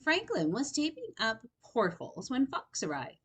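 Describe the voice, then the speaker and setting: A woman storyteller reading a picture book aloud to children, expressive and pausing to explain words. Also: fairly high pitch, slightly rough.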